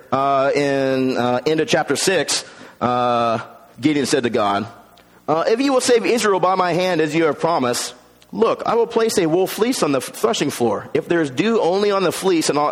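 Man preaching a sermon in a reverberant hall. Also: on the high side. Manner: animated, acts out voices in quotes. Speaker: pastor.

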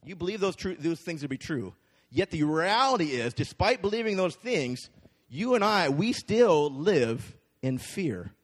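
Prediger mit Hall in einer Kirche. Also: male voice, fairly high pitch, big pitch swings, measured pace. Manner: conversational, checks in with the crowd with frequent "right?". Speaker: pastor. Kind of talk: sermon. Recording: long hall reverb.

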